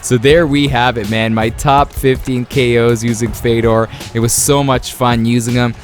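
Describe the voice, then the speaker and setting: A man commenting on his video game knockout highlights, excitable and laughing, with playful trash talk. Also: moderate pace, soft background music. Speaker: gaming YouTuber.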